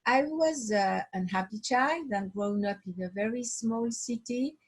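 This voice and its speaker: A woman from Switzerland tells a personal story as an interview guest, speaking slowly and with many restarts as she hunts for the right word. Her voice is husky and sits a little high. It comes through a video call. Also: rough recording. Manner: halting, searching for words, restarts often. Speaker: watch designer, guest.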